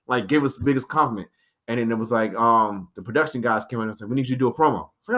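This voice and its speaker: Brief: young man, podcast guest, mid-pitched, relaxed storyteller who jumps into quoted voices and laughs through his tale. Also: rapid-fire. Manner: animated, acts out quoted dialogue in changing voices. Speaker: podcast guest, pro wrestler. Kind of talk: casual storytelling chat.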